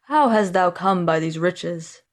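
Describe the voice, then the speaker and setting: A gruff old woodcutter who grumbles and scolds his bookish son in old-fashioned speech, read aloud by a woman. He sounds worn down by hard work and short of money. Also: lowish voice, expressive, a little slow, pitched below the performer's own voice. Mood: scolding. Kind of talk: storybook reading.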